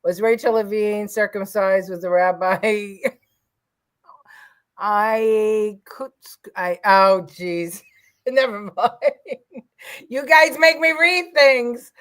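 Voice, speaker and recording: A woman's voice: mid-range voice, extremely slow, fairly bright tone. A middle-aged woman co-hosting a casual political chat, talking in an opinionated, rambling way with many fillers. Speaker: co-host of a political livestream.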